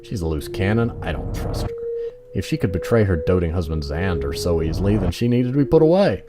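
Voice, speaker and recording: A man's voice: low voice, lively intonation, fairly quick, heavy background noise. A man voicing a smug, cold cultist villain. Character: cold scheming male cultist, calm and smug. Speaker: ritual-performing villain.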